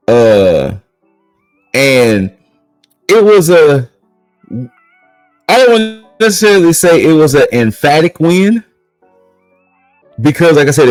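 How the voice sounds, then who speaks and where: Slow, rambling man recapping casually. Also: medium pitch, a little mellow, dry recording, rough recording. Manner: rambling, repeats and restarts phrases. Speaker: podcast co-host recapping wrestling.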